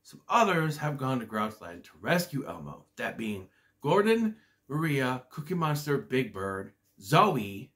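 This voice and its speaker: A man's voice: mid-range voice, very animated, unhurried, fairly bright tone. A man casually reviewing a children's movie, rambling and hesitant, with lots of fillers.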